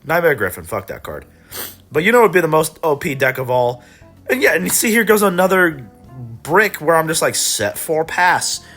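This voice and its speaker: A man casually recapping his card game tournament rounds, laid-back and swearing, coughing and clearing his throat now and then. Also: fairly high pitch, big pitch swings, moderate pace, fairly bright tone, faint music behind. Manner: laid-back, profane, chuckling, mock voices of opponents.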